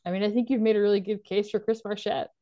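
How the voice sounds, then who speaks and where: A woman's voice: medium pitch, steady tone, fast talker, mellow, lo-fi sound. A woman co-hosting a podcast, teasing her partner in casual chat and laughing often. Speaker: podcast co-host.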